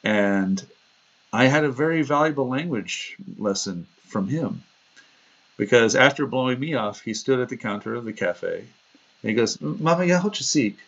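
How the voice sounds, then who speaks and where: A man's voice: mid-range voice, lively intonation, moderate pace, fairly bright tone. A man hosting a livestream, chatting casually and wandering from one story to the next, laughing at himself. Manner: chatty, digressive, laughs at himself, acts out quoted voices. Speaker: livestream host. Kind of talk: casual rambling livestream talk. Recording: dull lo-fi stream audio.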